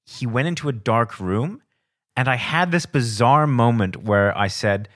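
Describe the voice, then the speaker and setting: A man's voice: medium pitch, unhurried. A man co-hosting a casual movie review chat, telling stories with lots of fillers. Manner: animated storyteller, hedging with fillers. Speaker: podcast co-host. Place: former cinema worker.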